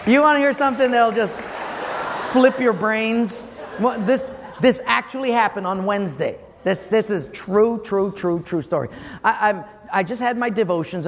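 A man preaching a humorous sermon as pastor, telling a story with lively energy and acting out the voices of the people in it. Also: high voice, moderate pace, some chatter behind. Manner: animated, acts out quoted callers. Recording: long hall reverb, faint room noise.

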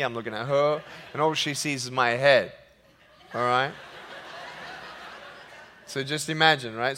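A man speaking from a stage in a large hall, telling funny stories in an animated sermon. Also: medium pitch, a little hiss or hum. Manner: animated, jokey, acts out quotes. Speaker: motivational speaker. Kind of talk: humorous sermon storytelling. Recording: long hall reverb.

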